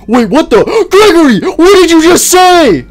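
A man voicing a stern, fatherly male robot bear who scolds loudly and with exasperation in a game-based cartoon. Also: extremely high pitch, big pitch swings, normal speed, pitched above the performer's own voice. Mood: scolding.

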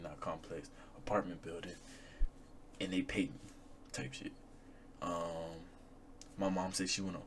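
A man's voice: deep voice, slight background noise. A young man with a Southern US accent, rambling in slangy, laid-back reaction commentary. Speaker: YouTuber reacting to videos.

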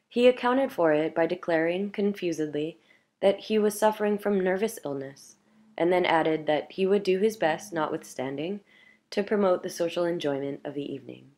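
A woman reading a classic short story aloud in a measured, clear narration. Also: low voice, a little mellow. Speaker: audiobook reader.

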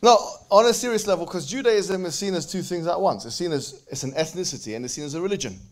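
Fields: animated male lecturer, banters with audience. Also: high voice. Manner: quotes Quranic Arabic in quick recitation. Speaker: speaker at a religious event. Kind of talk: lively religious lecture to a live audience.

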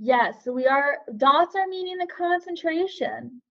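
A woman with a high voice leads a live online lesson for teachers, picking up names and guesses from the chat and answering each in turn. Her audio comes through dull and lo-fi, like a typical webinar feed. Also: expressive, a little slow, a bit bright. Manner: friendly, reads out chat guesses and thanks participants. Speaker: webinar presenter for educators.

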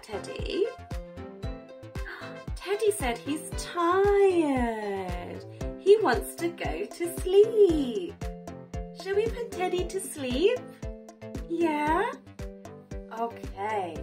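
British woman, toddler teacher, very high voice, slow and drawn out, soft kids' music behind. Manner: exaggerated sing-song baby talk with gasps. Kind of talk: children's learning video. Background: faint children's music.

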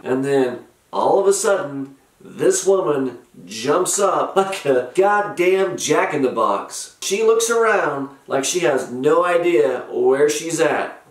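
Slow, sardonic middle-aged man in a roomy echo. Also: fairly high pitch, recorded from a distance. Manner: sardonic, dry, grumpy. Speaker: comedic storyteller host. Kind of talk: deadpan comic retail storytelling.

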